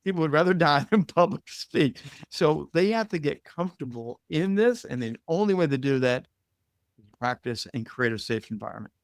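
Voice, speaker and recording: A man with an Indiana American accent, talking as a guest in a casual interview. He is animated and laughs easily. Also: fairly high pitch, normal speed, no room sound, studio quality. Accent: American Midwestern, Indiana. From United States. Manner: animated and expressive, laughs easily, acts out voices in quotes. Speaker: guest, media coach and broadcaster.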